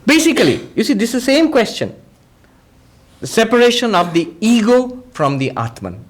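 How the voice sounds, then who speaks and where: A monk teaching a spiritual discourse, patiently explaining ideas through everyday examples and quoted dialogue. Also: male voice, sits high. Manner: acts out quoted speakers in dialogue.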